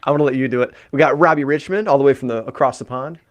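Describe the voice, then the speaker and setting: A man's voice: mid-range voice, very fast, no echo, muffled recording. A man co-hosting a podcast, laid-back and laughing easily as he reads out viewers' names. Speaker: podcast co-host reading chat names. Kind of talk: casual chat.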